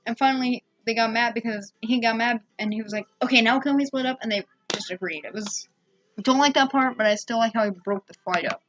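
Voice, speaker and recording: A woman's voice: fairly high pitch, brisk, muffled recording, slight background noise. A woman giving a casual, rambling spoken movie review at home, full of fillers and restarts.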